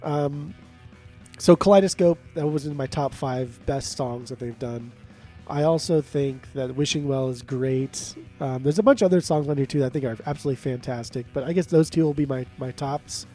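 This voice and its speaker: A man's voice: medium pitch, normal speed, dark tone, faint music behind. A man co-hosting a podcast, telling rambling stories in casual chat, full of "like" fillers. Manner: rambling storyteller, lots of "like" fillers. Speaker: podcast co-host.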